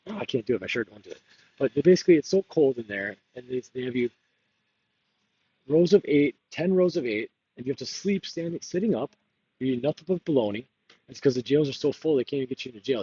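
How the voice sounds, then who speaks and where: Rambling husky-voiced man. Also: mid-range voice, mellow, dry recording, highs cut off. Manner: candid, laughs often, drifts between topics. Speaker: political candidate. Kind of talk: rambling confessional monologue.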